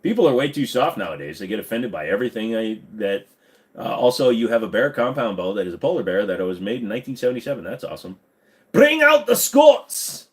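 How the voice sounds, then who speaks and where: A man's voice: fairly low pitch, animated, fast talker, darkish tone. A man hosting a livestream, chatting casually and joking as he answers viewers. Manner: joking, jumps into silly voices. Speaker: livestream host.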